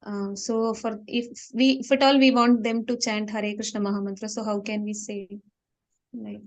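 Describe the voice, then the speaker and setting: A woman, asking a question in an online class in a polite, halting way. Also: medium pitch. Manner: polite, halting, even-toned. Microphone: video call.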